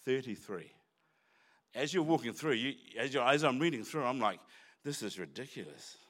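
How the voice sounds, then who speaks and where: A man's voice: mid-range voice, animated, moderate pace, a bit bright. A man preaching a sermon in church, talking conversationally with asides and restarts. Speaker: pastor.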